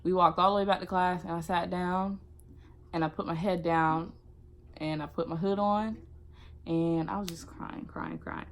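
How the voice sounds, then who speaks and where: A young woman vlogger telling a casual storytime, animated and acting out what people said. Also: fairly low pitch, moderate pace. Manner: animated, acts out quotes.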